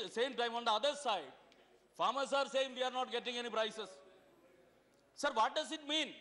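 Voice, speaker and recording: A man with an Indian English accent addresses a parliament chamber, his high, bright voice driving through rhetorical questions. He repeats words as he presses each point. The sound carries the long reverb of a large hall. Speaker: member of parliament. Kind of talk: parliamentary debate speech.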